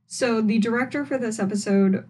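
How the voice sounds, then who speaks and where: A woman's voice: on the high side, moderate pace, slightly rough, low-quality recording. Chatty young woman recapping a show. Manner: chatty and animated, with laughs and wry asides. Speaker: podcast host reviewing a TV episode. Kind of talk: casual solo podcast recap. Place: at home, indoors.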